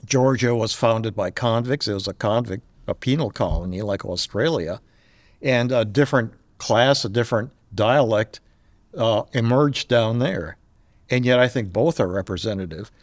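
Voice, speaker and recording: A man's voice: on the low side, moderate pace, no echo. An older man, a podcast guest, talking casually and telling stories with frequent chuckles. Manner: storytelling, chuckles often. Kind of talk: casual chat.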